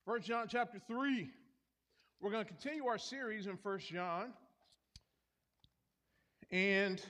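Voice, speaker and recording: Male pastor, high-pitched, winded, preaching to the room with jokes and call-outs; long reverb of a church hall. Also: slow, pauses often, pushed and bright. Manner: jokey, talks with the congregation, asks for responses. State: out of breath. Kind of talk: sermon.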